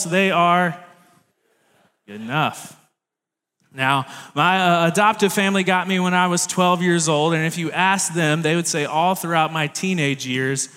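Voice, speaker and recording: A man's voice: on the high side, sharp tone, clear, resonant tone. A man, preaching a sermon as youth director in a friendly, joking, playful way. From Tennessee, US South. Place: church sanctuary stage. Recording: reverberant church hall.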